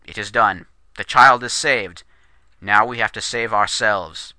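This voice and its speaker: A man voicing a calm young Lakota man who speaks with an English accent in a formal, measured way, in a spoken story. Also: lowish voice, dry recording. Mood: solemn. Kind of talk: storytelling character voice.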